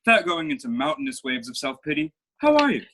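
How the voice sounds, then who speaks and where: A man's voice: fairly high pitch, wildly swooping pitch, fast talker, bright, forceful tone, slight background noise, full character voice. A young man playing a flamboyant, vain playwright in a school play over a video call, with florid, theatrical delivery. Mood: grandiose. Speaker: student actor.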